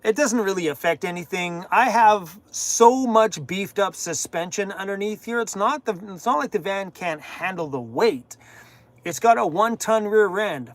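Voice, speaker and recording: Jokey, animated man. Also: high voice, dry recording. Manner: jokey and animated, laughs at his own jokes. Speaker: van-life channel host. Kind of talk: live-stream Q&A chat. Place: inside his camper van.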